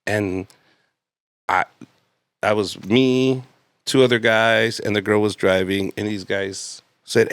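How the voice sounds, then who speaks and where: A man's voice: lowish voice, steady tone, slow pace, pauses often, fairly bright tone, dry recording. A man in his late thirties, a comedian guest telling casual, profane stories and laughing often. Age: 30s. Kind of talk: casual storytelling.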